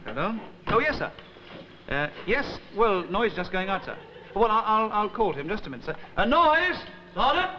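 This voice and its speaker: Officious sergeant, swooping high pitch, indignant, 1960s TV comedy. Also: male voice, big pitch swings, moderate pace, background noise. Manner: stiff and officious, rising to indignant outbursts. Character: pompous, exasperated male police sergeant.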